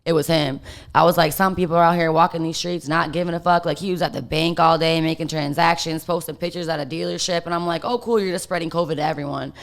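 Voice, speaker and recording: Low-voiced woman telling a rambling story. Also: level tone, quick pace, creaky. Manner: rambling, heavy on fillers and swearing. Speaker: guest. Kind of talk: casual storytelling.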